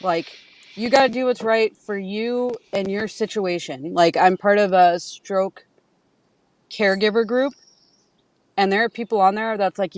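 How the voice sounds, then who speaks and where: A woman's voice: medium pitch, measured pace, no room sound. A woman talking as a podcast guest in casual conversation, telling candid stories, acting out what people said and swearing freely. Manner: candid storytelling, acts out quotes, swears freely.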